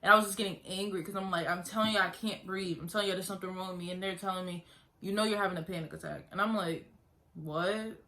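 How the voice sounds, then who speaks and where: A woman's voice: lowish voice, steady tone, fast talker, pushed and bright. A young woman earnestly telling her own story in a casual vlog, talking conversationally and repeating herself. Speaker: vlogger.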